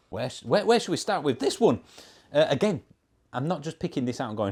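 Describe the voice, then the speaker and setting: This Yorkshire-accented man has a slightly high, sing-song voice that's brisk, a little mellow and slightly rough. Originally from Yorkshire, England, he reviews cars in a casual vlog, reading viewer comments aloud and replying with dry sarcasm.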